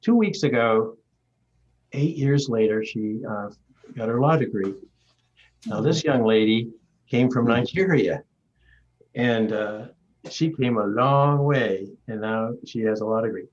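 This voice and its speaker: Unhurried and given to long pauses, this mid-range-voiced Maine man in his seventies leads a video-call session as an award recipient. His reflective talk wanders through stories with frequent restarts, and the highs are cut off in the audio.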